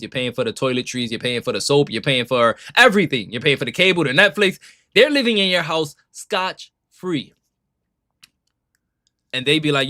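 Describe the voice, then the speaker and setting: Bright-voiced joking man streamer. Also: sits high, no echo. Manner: animated, joking, laughs often, slangy. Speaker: reaction streamer. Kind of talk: casual reaction commentary.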